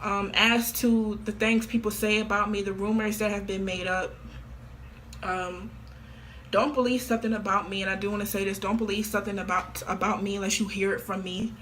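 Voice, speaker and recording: A young woman in her late teens speaks straight to her viewers in a casual monologue. Her voice is bright and forward, and she sounds blunt and offhand. A faint hiss of noise sits under her. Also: medium pitch, level tone, fairly quick. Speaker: vlogger.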